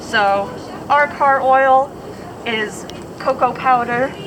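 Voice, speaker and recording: A woman's voice: high-pitched, takes it slowly, background noise. A woman educator leading students around a model, asking questions and laughing easily. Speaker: station educator. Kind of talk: hands-on classroom lesson.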